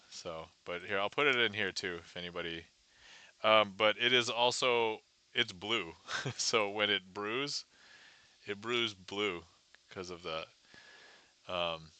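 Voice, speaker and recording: Streamer host, male, lower-pitched with a very bright, crisp tone; chatty, greets viewers by name. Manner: chatty, greets viewers and reads chat aloud. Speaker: livestream magician. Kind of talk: casual livestream chat.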